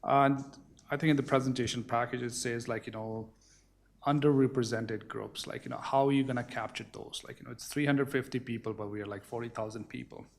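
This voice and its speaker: A man's voice: mid-range voice, steady tone, brisk, gravelly. A man on a town council giving earnest comments with many fillers. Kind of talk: council meeting remarks.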